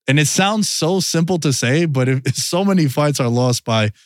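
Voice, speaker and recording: A man's voice: fairly high pitch, animated, moderate pace, no echo, clean studio sound. A man hosting a podcast in casual sports chat, loose and storytelling. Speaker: podcast host.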